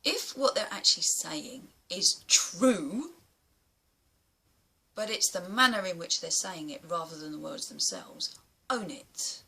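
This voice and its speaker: Blunt, lively woman vlogging. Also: lowish voice, a little slow, gravelly, husky. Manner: blunt, emphatic, swears casually. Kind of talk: casual opinion vlog to camera.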